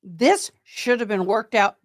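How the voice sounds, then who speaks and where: A woman's voice: medium pitch, expressive, a little slow, dry recording, studio quality. A woman with a Tennessee accent hosting a livestream, chatting casually and thanking viewers by name between trial updates. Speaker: livestream host commenting on a trial. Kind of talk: casual live commentary.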